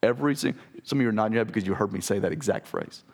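Raspy pastor guy preaching to his church, gravelly, earnest and direct. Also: lowish voice, lively intonation, racing, darkish tone. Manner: earnest, direct, talks straight to the congregation. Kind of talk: sermon. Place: church sanctuary.

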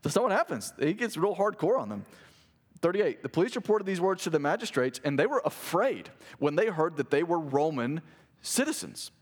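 A man preaching a sermon, animated and conversational, with asides to the congregation and quick restarts. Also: on the high side, breathy edge. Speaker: pastor.

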